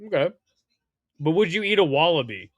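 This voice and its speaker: Young male streamer, crude and jokey, slightly high, very animated delivery. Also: moderate pace, no room sound, lo-fi sound. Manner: crude, excitable, joking with chat. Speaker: watch party host. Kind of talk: casual live-stream commentary.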